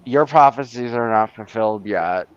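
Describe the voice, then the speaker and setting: Blunt man with a smooth New York voice. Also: mid-range voice, no echo, dull audio. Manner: blunt, argumentative, quick to push back. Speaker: host of a live stream. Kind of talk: casual chat.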